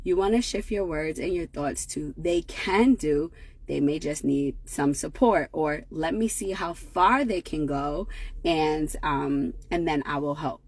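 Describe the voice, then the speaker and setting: A woman's voice: deep voice, unhurried, darkish tone, dry recording. A woman in her thirties giving a conversational motivational talk to parents, often checking in with "right?". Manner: conversational, many fillers and tag questions. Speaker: parenting educator.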